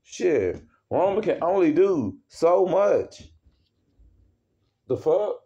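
A man's voice: fairly high pitch, big pitch swings, takes it slowly, dark tone, a little hiss or hum. A man angrily ranting as a wrestling fan, heavy with profanity and worked up. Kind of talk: casual rant. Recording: dull lo-fi recording.

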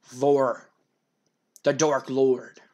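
A man voicing a sinister wrestler villain who speaks for a dark lord, talking slowly and ominously. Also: level tone. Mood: menacing. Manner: slow, booming, ominous delivery.

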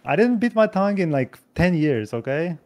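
A man chatting casually while gaming, excitable and teasing. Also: on the high side, moderate pace. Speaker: co-player.

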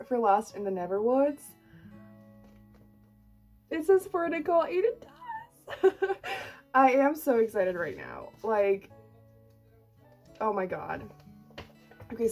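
Gushing young woman unboxing books. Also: a little high. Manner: gushing, excitable, lots of "like" and swearing. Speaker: book vlogger and author. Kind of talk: casual unboxing vlog.

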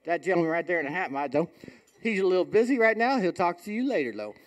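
A man's voice: sits high, animated, fast. A man hosting a live fundraiser event in a hall, joking around with playful country-boy banter as he calls out giving levels. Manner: joking, playful hillbilly shtick. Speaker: fundraiser auctioneer host. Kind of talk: folksy live fundraiser emcee.

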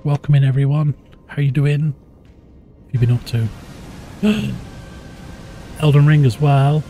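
A man streaming a game live, chatting casually with viewers in a low-key, easygoing way. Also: fairly even intonation, normal speed, mellow, a little hiss or hum. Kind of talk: casual live-stream chat while gaming. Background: game music.

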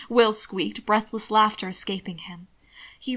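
A woman narrating a story aloud with a soft, steady delivery at a middle pitch. Her reading is even and unhurried as she describes each scene. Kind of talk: reading fan fiction aloud.

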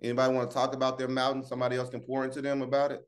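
A man hosting a morning devotional over a video call, speaking with upbeat, preacher-like energy. He calls out to listeners by name and pushes them to share. His voice sits at an ordinary middle pitch. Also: completely flat delivery, very fast. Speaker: morning show host.

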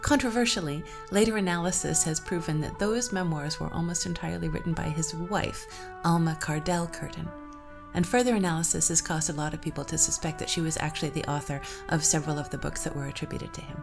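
A woman narrating an old folktale and adding her own commentary, in a measured, even way. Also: sits low, creaky, over music. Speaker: storyteller and podcast host.

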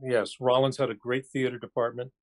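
An older male actor, a podcast guest on a cell phone, looks back on his career in an easygoing, reflective, wry way. His medium-pitched voice is flat and darkish, and he talks fairly quickly in this casual interview chat.

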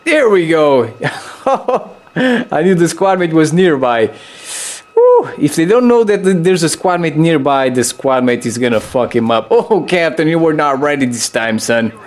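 At a moderate pace, a young man narrates gameplay with loose excitement, swearing freely and jumping up into high yelps.

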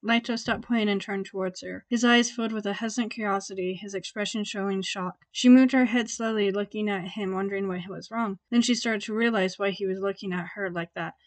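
A woman narrating a dramatic romance story with expressive emphasis. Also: mid-range voice, fairly quick, few pauses, no echo. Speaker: audiobook reader.

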